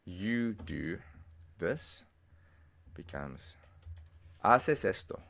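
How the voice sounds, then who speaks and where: A man teaching a language lesson over a screen recording, patiently explaining and repeating phrases slowly, step by step. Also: low voice, animated, vocal fry, a bit bright.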